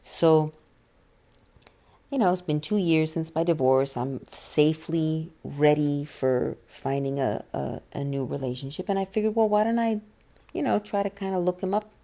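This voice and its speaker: A middle-aged woman talking about her life in a rambling, halting way, near tears, full of restarts and fillers. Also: low voice, steady tone, dark tone. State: tearful, on the verge of crying. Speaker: vlogger. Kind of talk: personal confessional vlog, soft-spoken.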